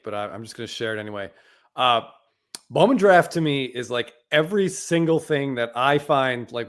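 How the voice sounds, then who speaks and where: A man co-hosting a podcast, talking casually and bluntly, often saying "like". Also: mid-range voice. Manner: blunt, hedging with frequent "like". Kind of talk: casual chat.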